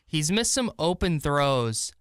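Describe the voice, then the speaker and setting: A man's voice: fairly high pitch, very animated, slow, a bit bright, no room sound, clean studio sound. A man co-hosting a sports radio show who argues his points and jokes around. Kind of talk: casual sports talk.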